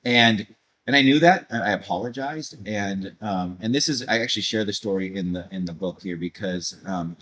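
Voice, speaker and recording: A man's voice: lowish voice, normal speed. A man, a coach and guest, telling a personal story animatedly and acting out moments as he goes. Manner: animated storyteller, acts out moments, laughs often. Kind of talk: casual storytelling in a conversation.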